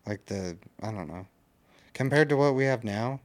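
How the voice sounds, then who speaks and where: A man's voice: fairly low pitch, animated, moderate pace. A man co-hosting a podcast, talking casually and with a lot of profanity. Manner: laid-back, profane, says dude a lot. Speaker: podcast co-host. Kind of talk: casual chat.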